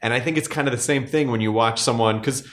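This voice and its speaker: A man's voice: mid-range voice, fast talker. A man in his forties hosting a podcast, chatting in a rambling, jokey way. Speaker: podcast host. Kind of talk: casual conversation.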